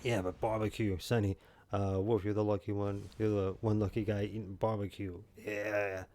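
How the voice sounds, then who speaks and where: A man's voice: on the low side, little pitch movement, moderate pace, warm tone. A man streaming a video game from home, joking and rambling as he chats with his viewers by name. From New York. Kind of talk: casual gaming stream chat.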